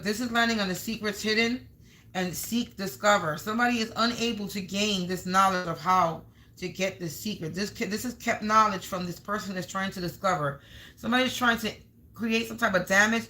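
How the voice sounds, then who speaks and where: A woman's voice: mid-range voice, pushed and bright, poor audio. A woman giving a live spiritual card reading to viewers. She talks emphatically, stacks up strings of synonyms and swears casually.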